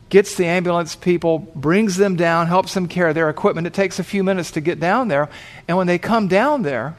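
A man preaching, telling a long story vividly and acting out the voices in it. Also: on the high side. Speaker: pastor. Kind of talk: sermon storytelling.

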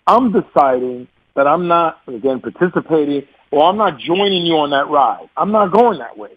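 A man in his forties, a guest telling stories in a casual interview, animated, laughing often, and repeating words as he starts sentences. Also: on the high side, normal speed, no echo, dull audio. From New York.

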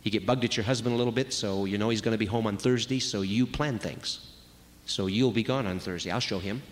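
A man's voice: on the low side, fairly quick. A man giving a conversational sermon on marriage, acting out quoted voices as he goes. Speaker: speaker at a marriage retreat. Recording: long reverb of a large hall.

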